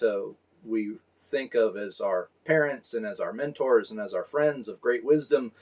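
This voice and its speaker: A man's voice: mid-range voice, darkish tone. Reflective man in his forties preaching. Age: 40s. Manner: reflective and conversational, with fillers. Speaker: pastor. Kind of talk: story sermon.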